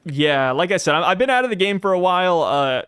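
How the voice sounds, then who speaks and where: Man, casual podcast host, smooth resonant voice, slightly higher pitch, joking around. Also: very animated, fairly quick, fairly bright tone, no room sound, clean studio sound. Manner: laid-back, jokey, self-deprecating. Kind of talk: casual chat.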